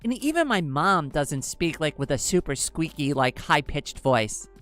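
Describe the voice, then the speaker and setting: A woman's voice: low-pitched, sing-song, a little slow, a bit bright, faint music behind. A young woman with an androgynous-sounding voice, chatting casually with her livestream viewers and rambling with lots of fillers. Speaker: livestream host. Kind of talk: casual livestream chat, answering chat.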